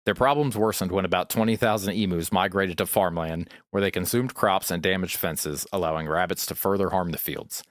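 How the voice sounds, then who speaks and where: A man with a notably low voice reads a history passage aloud in an even, measured way. He sounds close and dry, with no room around him. He co-hosts a loose podcast and drifts into casual banter between paragraphs. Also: no room sound. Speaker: podcast co-host.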